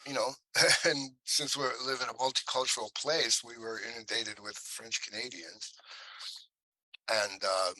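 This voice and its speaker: A man guesting on a podcast, telling animated stories about his life and dropping into quick impressions. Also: mid-range voice, dry recording, rough recording. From Cleveland, US. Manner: animated storyteller who slips into impressions. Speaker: actor guest. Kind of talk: podcast interview storytelling.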